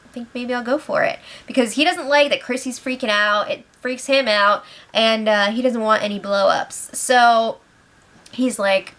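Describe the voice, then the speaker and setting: A young woman recaps from home in a casual, gossipy way, quick to laugh. Her voice sits a touch high and sounds bright and forward. She keeps slipping into animated impressions of the people she quotes. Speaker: reality show recap host. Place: home, with pets nearby.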